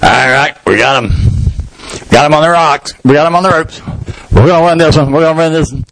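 Encouraging boxing trainer, voiced by a man, soft and coaxing, slightly high-pitched. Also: brisk, no echo, close to an everyday voice, rough recording.

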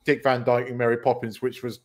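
Male podcast host, mid-pitched, chatty and meandering, swears casually. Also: flat delivery, a little fast. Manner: rambling, self-correcting, swears casually. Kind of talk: casual film chat.

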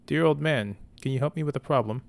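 A man voicing a cunning young noblewoman who sweet-talks and threatens quietly. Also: fairly high pitch, fast, gravelly, voice pushed up. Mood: coaxing. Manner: sweet-talking, quietly menacing.

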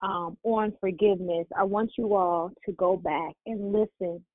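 A woman's voice: medium pitch, fairly even intonation, a little slow, dry recording. A woman hosting a prayer call, preaching with fervent encouragement. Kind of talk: preaching and exhortation. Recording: dry, tinny phone line.

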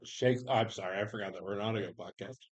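A man narrating a tabletop role-playing game as game master, animated and quick to laugh. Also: lowish voice, breathy edge.

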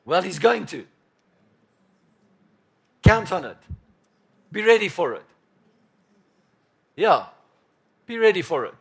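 A man preaching a sermon as pastor, emphatic and repetitive, swinging from loud bursts to quiet murmurs. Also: high voice, very animated, slow, gravelly, pauses often, breathy edge.

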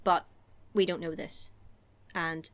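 A woman with a lowish voice speaks slowly as a podcast co-host recapping a film in casual, comedic chat. She's animated and sweary, acting out characters in exaggerated voices.

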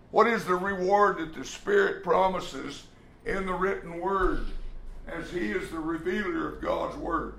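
Gravelly preacher in an echoey room. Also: male voice, sits high, a little slow, bright, forceful tone, slight background noise. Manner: emphatic, acts out quoted speech, occasional restarts. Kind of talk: sermon.

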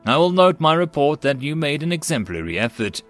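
A man voicing a literal-minded, formal male alien diplomat who speaks precisely and flatly. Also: fairly high pitch, fairly quick, soft background music.

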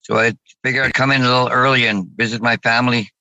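Bright-voiced man speaking haltingly. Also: medium pitch, steady tone, clear, resonant tone, no echo, rough recording. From Saskatchewan, Canada. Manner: halting, with many restarts and fillers. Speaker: guest. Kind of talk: casual interview talk.

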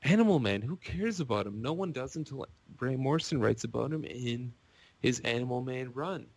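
Gravelly man ranting excitedly. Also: mid-range voice, normal speed, dry recording. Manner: excitable, rambling, gushing. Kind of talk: casual podcast rant.

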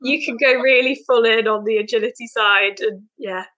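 Woman, young, bright-toned podcast guest, eager and filler-heavy. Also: on the high side, fairly even intonation, moderate pace, low-quality recording. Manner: chatty and eager, many fillers. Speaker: guest, veterinary nurse. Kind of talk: casual podcast chat.

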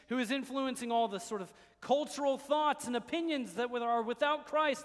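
A man preaching a sermon as pastor, dropping to hushed, quiet passages and then rising to loud, emphatic declarations. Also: very high-pitched, big-room sound.

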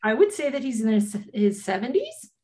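A woman's voice: fairly high pitch, very animated, moderate pace, warm tone. Blunt, joking woman podcast co-host. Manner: blunt, joking, swears casually. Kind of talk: casual chat.

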